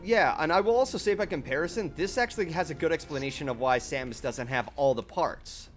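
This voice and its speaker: A man hosting a casual group chat while playing a game, animated and laughing often. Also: on the high side, a little fast, soft background music.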